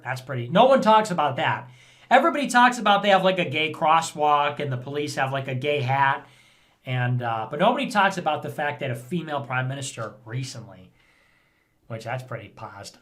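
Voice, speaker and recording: A man hosts his vlog in loose, casual commentary, his voice pitched a little high for a man. He rambles, thinks out loud and leans sarcastic as he goes. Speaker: vlog host reading viewer messages.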